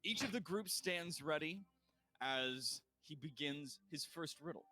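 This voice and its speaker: A man's voice: on the high side, animated, a little slow, sharp tone. A man narrating a tabletop game as dungeon master, casual, with frequent fillers and restarts.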